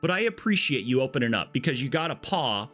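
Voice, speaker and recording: A man's voice: mid-range voice, sing-song, quick pace, fairly bright tone, soft background music. Chatty male game streamer. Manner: chatty, jokey, talks to chat viewers. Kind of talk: live-stream chat while playing.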